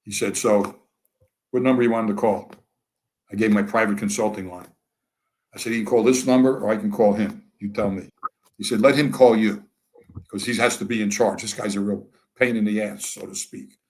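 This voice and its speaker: A man's voice: fairly low pitch, brisk. An older American man telling candid stories in an interview, acting out both sides of conversations with dry humor. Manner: animated, acts out dialogue with a dry wit. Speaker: interview guest. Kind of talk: candid storytelling.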